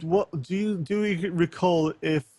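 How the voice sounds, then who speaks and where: A man's voice: high-pitched, steady tone, measured pace, dark tone, no echo. A man co-hosting a casual gaming podcast, rambling with lots of ums and reading a forum post aloud with wry asides. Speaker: podcast co-host.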